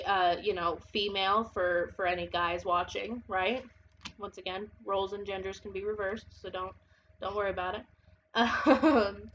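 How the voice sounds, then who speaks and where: A woman's voice: mid-range voice, a bit bright, muffled recording, slight background noise. A woman giving a casual tarot reading, chatty and blunt, who swears and laughs a lot and sounds a little congested and unwell. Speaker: tarot reader.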